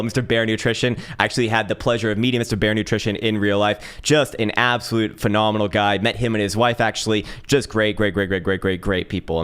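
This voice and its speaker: A man hosting a casual crypto live stream, swearing and laughing as he banters and reads viewer comments aloud. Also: lowish voice. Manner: profane, laughing, excitable banter.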